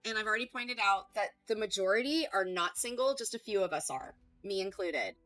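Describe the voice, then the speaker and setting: A woman's voice: medium pitch, expressive, fairly quick, a bit bright, soft background music, poor audio. A woman hosting a heated reaction stream, talking back in a combative, sarcastic and profane way.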